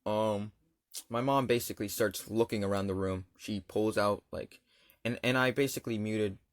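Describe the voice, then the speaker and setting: A man's voice: on the low side, steady tone, moderate pace, dry recording, clean studio sound. A young man casually telling a personal story over gameplay, rambling and slangy with lots of fillers. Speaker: gaming channel storyteller.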